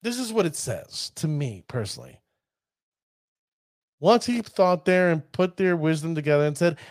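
A man giving casual commentary on a card game deck, chatty and addressing his viewers as ladies and gentlemen. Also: on the high side, expressive, normal speed, pauses often, no echo, clean studio sound.

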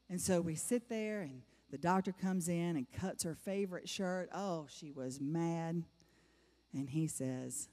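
Speaking at a measured pace in a dark, fairly low voice, a middle-aged woman shares her testimony with a church congregation. Her delivery is emphatic, with phrases repeated for effect, and the recording has the long reverb of a big hall.

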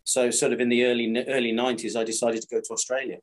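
A British man in his fifties, a supplier to the screen printing trade, chats casually on a podcast in a fast, medium-pitched voice. He tells animated stories, rambling, repeating himself and restarting.

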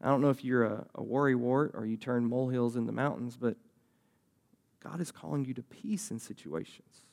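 A man's voice: medium pitch, normal speed, gravelly, a little mellow. A young man preaching a sermon as a youth pastor, talking conversationally and acting out voices from the story.

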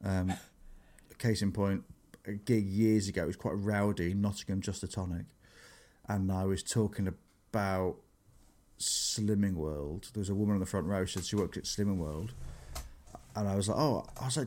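Chatty comedian telling anecdotes. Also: male voice, lowish voice, fairly quick. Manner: animated storytelling, acts out quotes. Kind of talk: casual podcast chat.

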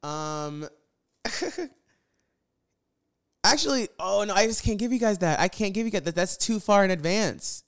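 A man's voice: high-pitched, expressive, a little slow, long pauses, clean tone. A young man telling viewers a storytime rant about his roommate, exasperated and profane, repeating phrases for emphasis. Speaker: vlogger.

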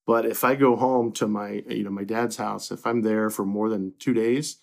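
A middle-aged man from Kentucky speaks in a low, gravelly voice. He talks as a guest in a casual interview. He is relaxed and reflective, and he often restarts his sentences around fillers. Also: moderate pace. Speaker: newspaper publisher, guest.

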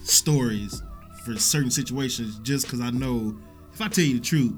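A man in a casual group conversation, talking haltingly with many restarts as he admits things. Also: medium pitch, faint music behind. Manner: halting, restarts often, confessional.

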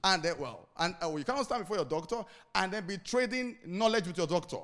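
A man's voice: sits high, lively intonation, fast, a bit bright. A man preaching a sermon as pastor, repeating key phrases and putting questions to the congregation for them to answer. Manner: asks the congregation call-and-response questions.

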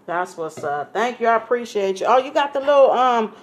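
A young woman from California hosts a laid-back radio interview. Her voice sits a little high, and her talk is chatty and playful. She is openly nosy about her guest. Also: lively intonation, brisk. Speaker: radio show host.

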